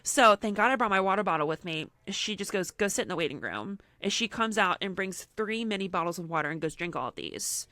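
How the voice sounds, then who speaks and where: With no room sound, a young podcast co-host speaks fairly quickly at a mid-range pitch, barely pausing. Her personal anecdote is lively and peppered with "like," and she performs the quotes of everyone involved.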